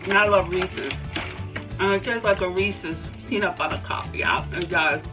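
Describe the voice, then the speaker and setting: A woman's voice: lowish voice, distant mic. A middle-aged woman chats through a snack tasting, playful and full of enthusiasm. Her voice sits a little back from the mic, with music playing underneath. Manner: playful, enthusiastic, drawn-out approving hums. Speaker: mother taste-testing snacks. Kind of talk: casual taste-test chat.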